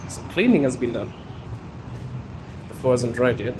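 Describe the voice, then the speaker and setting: A man's voice: mid-range voice, sing-song, moderate pace. A man hosting a casual live stream while walking through a metro station, chatting directly to his viewers and recording on a handheld phone. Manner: chatty, talks straight to viewers. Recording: loud background noise from the metro. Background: metro and street noise.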